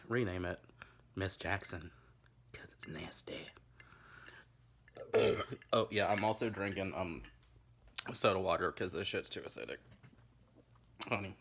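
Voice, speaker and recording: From his bedroom at home, a Tennessee man hosts a camp, rambling, crude comic drinking-game vlog. His voice is on the low side and a bit bright.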